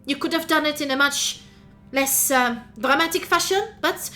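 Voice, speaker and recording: A woman's voice: sits high, moderate pace, bright, forceful tone, faint music behind, pitched above the performer's own voice. A woman voicing a stern female archbishop who presides over a court, speaking in a formal, commanding way.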